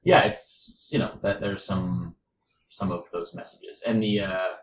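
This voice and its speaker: Rambling low-voiced man in a roomy space. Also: fairly even intonation, a little slow, crowd noise. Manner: rambling, full of fillers and restarts, swears. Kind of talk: casual chat. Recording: roomy echo.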